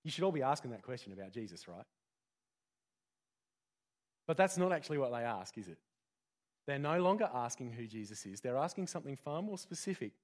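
A pastor giving a conversational sermon full of rhetorical questions. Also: male voice, medium pitch, big pitch swings, brisk, long pauses.

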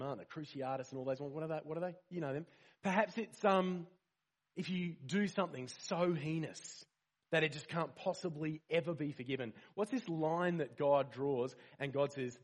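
A man's voice: fairly high pitch, normal speed, husky. A man giving a conversational sermon, asking the listeners questions and stressing key words. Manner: conversational, rhetorical questions, animated emphasis. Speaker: preacher.

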